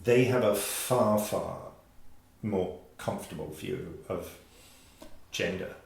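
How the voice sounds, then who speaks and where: Older guy in his 60s, jokey casual chat, lowish voice, big echoey room. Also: slow pace, gravelly. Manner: jokey, laughs easily, storytelling. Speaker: podcast co-host.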